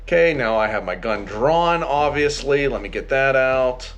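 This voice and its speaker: A man's voice: medium pitch, expressive, unhurried, a bit bright, faint music behind. A man giving casual, chatty commentary while playing through a video game, often exasperated at its difficulty. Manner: chatty, exasperated, exclaims at failures. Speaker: gameplay walkthrough host.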